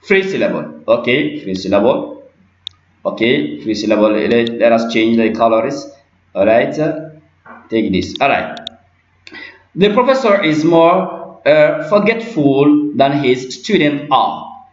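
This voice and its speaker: Male teacher, unhurried and repetitive; roomy, muffled recording. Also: medium pitch, animated. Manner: repeats words and phrases, many fillers. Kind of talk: slow grammar lesson.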